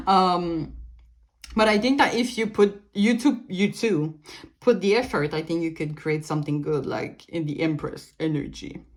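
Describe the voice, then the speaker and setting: A tarot reader from Canada, whose first language is French, speaks a little slowly in a lowish voice during a casual pick-a-card reading. She drifts from point to point, restarting often, using plenty of fillers, and letting out light laughs.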